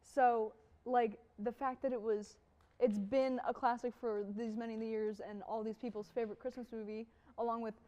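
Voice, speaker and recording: A young woman with a high, bright-pitched voice talks casually and quickly drifts into stories. She fills her speech with asides and laughs easily. The delivery is loose and chatty. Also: little pitch movement, highs cut off. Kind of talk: casual chat.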